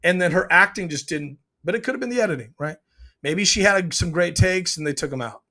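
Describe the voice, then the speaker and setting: A man with a slightly higher-pitched voice gives a casual commentary on a TV scene. He is opinionated and walks through the scene step by step, slipping into the characters' quoted lines along the way. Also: expressive, brisk, bright, forceful tone. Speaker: TV show reviewer.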